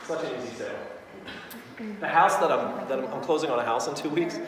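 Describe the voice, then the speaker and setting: A man giving a live sales training to an audience, chatty and quick to laugh, full of anecdotes. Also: fairly high pitch, crowd noise. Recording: echoey hall recorded from far off.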